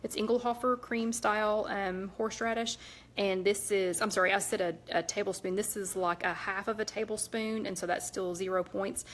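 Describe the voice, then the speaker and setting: A middle-aged woman with a lilt talks casually to her live-stream viewers. She rambles, stops to correct herself, and fills pauses with "um" as she chats along. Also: medium pitch, steady tone, slight background noise. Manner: chatty, rambling, many fillers and self-corrections. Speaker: host of a live cooking chat.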